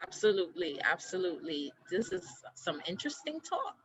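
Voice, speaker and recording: A woman's voice: lowish voice, big pitch swings, fairly quick, a little hiss or hum, poor audio. Woman host, eager and agreeing. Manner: enthusiastic agreement. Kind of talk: casual chat.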